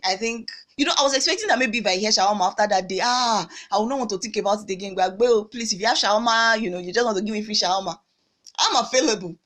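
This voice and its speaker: Fast-talking Nigerian woman vlogger. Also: mid-range voice. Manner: animated, acts out dialogue with pidgin slang. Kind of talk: casual storytelling vlog.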